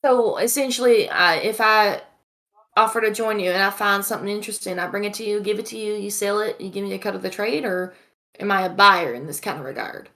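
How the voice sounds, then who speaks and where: A woman's voice: medium pitch, brisk, a bit bright, close to an everyday voice. A woman voicing a curious, honest young adventurer in a put-on Southern accent, asking polite, careful questions. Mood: inquisitive. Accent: American Southern, put on.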